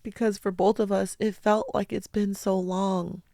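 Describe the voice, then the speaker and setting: A woman hosting her own show, telling personal stories in an earnest, heartfelt way with slow, deliberate phrasing. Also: mid-range voice, little pitch movement, creaky, warm tone, no echo, clean studio sound. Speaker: podcast host. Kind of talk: personal storytelling talk.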